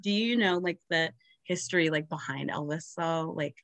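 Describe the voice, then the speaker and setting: A woman's voice: low-pitched, moderate pace, a bit bright, dry recording. Giggly young woman podcast host. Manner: chatty, giggly, lots of fillers. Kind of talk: casual chat.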